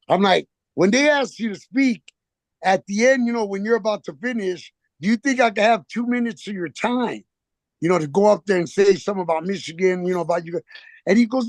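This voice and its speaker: Gravelly high-voiced man telling rambling stories. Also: brisk, no room sound. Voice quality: gravelly, heavy profanity, slangy street talk. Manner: rambling storytelling with quoted back-and-forth. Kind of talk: casual chat on a video call. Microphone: phone on a video call.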